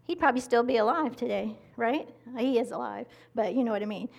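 A woman's voice: on the high side, fairly quick, gravelly. A woman preaching a conversational sermon, close to the mic, acting out quotes as she teaches. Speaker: pastor. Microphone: mic held close to the mouth.

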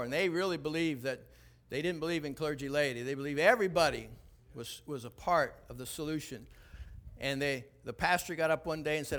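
A man in his sixties preaching a sermon, telling stories animatedly, acting out dialogue and building to loud exhortation. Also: a little high. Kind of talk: sermon storytelling.

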